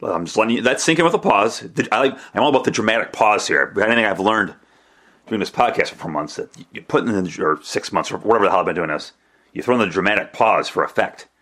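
A man with a somewhat low voice hosts a solo sports podcast. He talks in a chatty, rambling way, restarting his sentences and tossing in self-deprecating asides. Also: lively intonation, quick pace, fairly bright tone. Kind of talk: casual solo podcast commentary.

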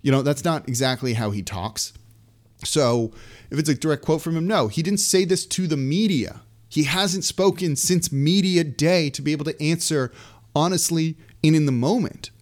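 A man hosting a sports podcast, talking through team news in casual, animated solo commentary with frequent asides. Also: fairly high pitch, moderate pace.

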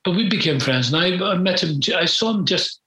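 An older man reminisces in an interview, frank and rambling, pausing often on fillers. His voice is bright and has an edge of tension. The recording carries a roomy echo. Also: high voice, lively intonation. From Britain. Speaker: guest.

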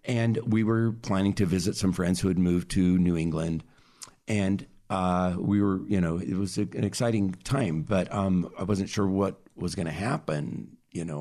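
Very deep-voiced hesitant man. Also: a little mellow. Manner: hesitant, pausing, searching for words. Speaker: interview guest. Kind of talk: personal storytelling.

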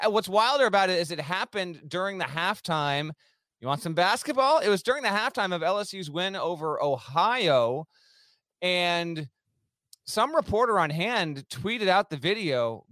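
A man co-hosts a podcast in quick, wry, rambling talk. His voice sits a little high, and the sound is dry with no room echo. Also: a bit bright. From Northern US. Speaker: co-host. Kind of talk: casual podcast banter.

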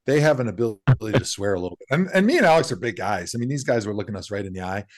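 A man's voice: lowish voice, expressive, very fast. A man co-hosting a podcast, telling stories in casual chat and swinging his voice up to act out quoted lines. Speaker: podcast co-host. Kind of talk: casual storytelling.

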